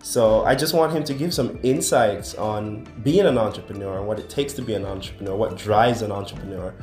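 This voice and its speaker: A man's voice: on the low side, a little fast, a little mellow, soft background music. A man from Jamaica hosting a podcast, chatty and upbeat though a little tired, laughing often. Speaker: podcast host. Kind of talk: casual podcast talk.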